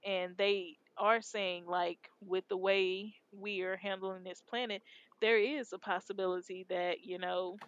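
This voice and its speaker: A woman's voice: medium pitch, fairly even intonation, measured pace, muffled recording. A woman from Texas co-hosting a podcast, chatting casually and rambling in slangy speech. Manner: rambling, slangy, laid-back. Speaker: podcast co-host. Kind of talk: casual chat.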